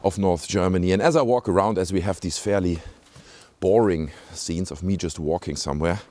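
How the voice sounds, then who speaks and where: Deep-voiced and a little mellow, a British-sounding vlogger talks fairly quickly while wandering around a small rural village. He chats casually to viewers, rambling with plenty of asides and fillers. The handheld camera recording is dry.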